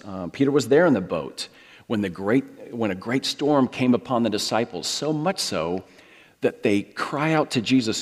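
Lively preacher, low voice, hall reverb. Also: male voice. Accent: American. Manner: storytelling, acts out quoted voices. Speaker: pastor. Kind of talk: sermon.

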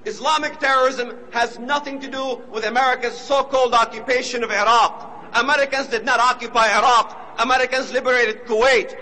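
A man giving an impassioned speech, emphatic and repetitive, now and then rising to shouts. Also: very high voice, fairly even intonation, brisk, a little hiss or hum, low-quality recording. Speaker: speaker.

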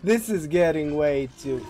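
A male gaming streamer commentating on gameplay, breaking into helpless hysterical laughter to the point of tears and swearing as he talks. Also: a little high.

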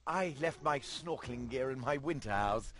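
A man's voice: mid-range voice, expressive, moderate pace, a bit bright, lightly acted. A man voicing a ragged male street beggar who pleads in a theatrical way and makes dry, witty remarks. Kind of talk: video game voice acting.

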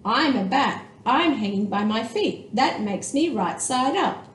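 Woman doing a loud, blunt bat. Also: fairly high pitch, expressive, a little slow, reverberant, slight background noise. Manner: loud, matter-of-fact storybook voice. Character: blunt, curious adult bat.

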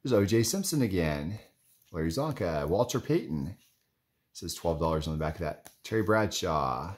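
Low male voice, young adult card collector, loose rambling off-the-cuff commentary. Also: animated, moderate pace. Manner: rambling and chatty, lots of "like" and "anyways". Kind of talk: casual running commentary while flipping through cards.

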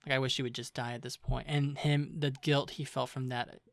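A man's voice: mid-range voice, little pitch movement, brisk, creaky, fairly bright tone, no echo. Young male co-host, casual and chatty, mid-range voice, dry close mic. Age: young adult. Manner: chatty, lots of fillers, retells scenes. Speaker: podcast co-host. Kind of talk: casual chat.

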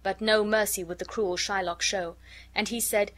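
Reading a classic tale aloud for an audiobook, this narrator keeps her medium-pitched voice steady and measured.

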